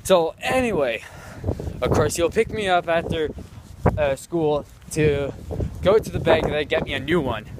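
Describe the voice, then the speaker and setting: A man's voice: on the high side, measured pace. A man vlogging outdoors into a handheld phone, telling a rambling story and repeating "of course" constantly. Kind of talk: casual rambling story vlog. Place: outdoors in the cold, walking. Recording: loud wind noise on phone mic.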